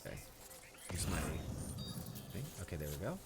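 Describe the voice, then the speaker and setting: Lively, chatty gaming streamer. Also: male voice, low voice, fairly quick, heavy background noise. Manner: chatty, reads chat aloud and answers it. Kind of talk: casual gameplay commentary.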